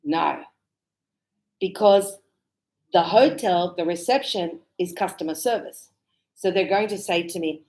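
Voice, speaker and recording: Slow, clear woman teaching English. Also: medium pitch, expressive, rough recording. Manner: slow, clear, explaining with acted greetings. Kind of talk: classroom English lesson. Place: Australia.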